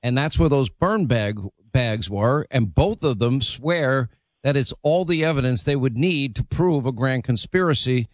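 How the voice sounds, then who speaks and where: A man's voice: medium pitch, lively intonation, a little slow, dry recording. A middle-aged man hosting an interview, making assertive, confident predictions. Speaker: interview host. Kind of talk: interview commentary.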